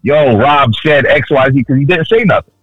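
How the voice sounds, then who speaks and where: A man co-hosting a casual podcast chat, telling stories loudly with lots of swearing and acted-out quotes. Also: medium pitch, moderate pace, no room sound, lo-fi sound, soft background music. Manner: animated storyteller, loud and swearing, acts out quotes. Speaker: podcast co-host.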